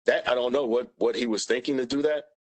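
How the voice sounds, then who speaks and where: A man's voice: mid-range voice, fast, a little mellow, poor audio. A man testifying as a witness, plain-spoken and emphatic, repeating his points. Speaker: witness, former union president. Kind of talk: testimony under questioning.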